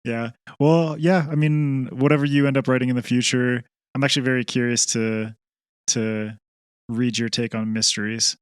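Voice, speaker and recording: A man's voice: medium pitch, steady tone, normal speed, clear, resonant tone, no echo, studio quality. A man hosting a casual interview, joking and teasing his guest. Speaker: podcast host.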